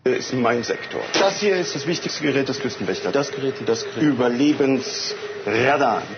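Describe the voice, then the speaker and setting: An actor playing a veteran coast guard who shows a newcomer the equipment in a matter-of-fact way. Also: male voice, mid-range voice, animated, fairly quick, natural voice. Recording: lo-fi clip with clear noise. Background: noise.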